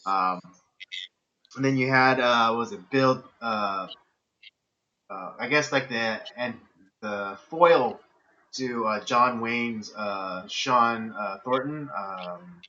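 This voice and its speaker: A man co-hosting a casual film-review podcast, his voice bright and forward. He talks in halting bursts full of fillers and turns sarcastic with his co-host. The sound is muffled and lo-fi, like a live stream. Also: medium pitch, a little hiss or hum.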